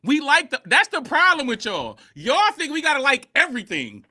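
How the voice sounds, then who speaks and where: A man's voice: extremely high pitch, sing-song, brisk, hardly any pauses, bright, forceful tone, no room sound. A man co-hosting a livestream, arguing his point emphatically and repeating "bro". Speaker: podcast co-host. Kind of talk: heated livestream reaction talk.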